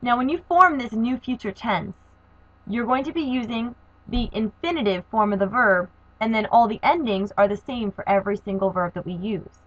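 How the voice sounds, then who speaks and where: A woman's voice: on the high side, normal speed, a bit bright, dry recording. A woman teaching a grammar lesson, explaining verb forms methodically and spelling out endings letter by letter. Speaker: Spanish teacher. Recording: dull, dry lo-fi recording.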